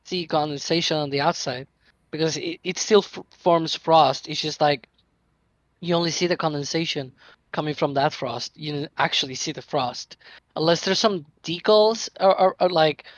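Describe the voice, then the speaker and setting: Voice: medium pitch, normal speed, no room sound. Co-host explaining casually, dry sound. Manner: laughs easily, rambling explanations. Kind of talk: casual chat.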